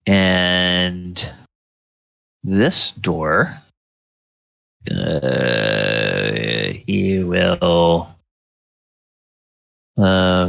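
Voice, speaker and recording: A man narrating a tabletop game as dungeon master, describing the scene in a halting way full of fillers. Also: sits low, big pitch swings, gravelly, a bit bright, dry recording, dull audio.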